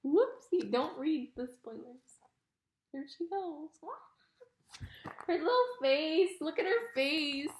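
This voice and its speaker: A woman's voice: high-pitched, expressive, slow pace, pauses often, slight background noise. A woman reading a children's novel aloud, breaking off for chatty, giggly asides, recorded in an echoey room. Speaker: book reader.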